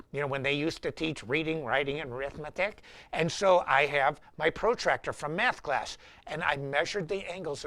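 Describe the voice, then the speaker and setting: A middle-aged man teaching guitar on a live show, talking in animated, anecdotal bursts. His voice sits somewhat high, with a bright, sharp edge and plenty of gravelly fry. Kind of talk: live-streamed guitar lesson.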